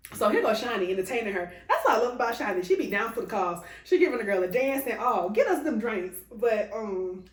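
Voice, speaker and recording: A young woman with a slightly high voice tells a story in a loose, chatty way, swearing freely and breaking into laughs. Her voice bounces around a roomy, echoey space, like a bedroom recorded without treatment. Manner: chatty and profane, laughs often. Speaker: storytime vlogger. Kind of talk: casual storytelling. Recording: echoey room.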